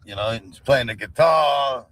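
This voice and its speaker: A man's voice: medium pitch, a little slow, a bit bright, a little hiss or hum, poor audio. A man talking as a guest on a livestream in casual chat, rambling and repeating himself. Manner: rambling, repeats "you know what I mean".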